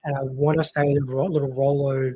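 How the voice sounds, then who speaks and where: A man's voice: medium pitch, level tone, fairly quick, mellow, low-quality recording. A young man chatting casually on a stream, rambling with lots of fillers. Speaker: co-host of a cricket watchalong stream. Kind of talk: casual chat.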